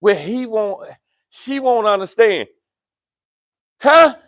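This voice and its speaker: A male pastor preaches with swooping, lively intonation and a fairly high voice. He teases the congregation in playful asides, and the sound is dry and close. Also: slow, dry recording. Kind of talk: sermon. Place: church sanctuary.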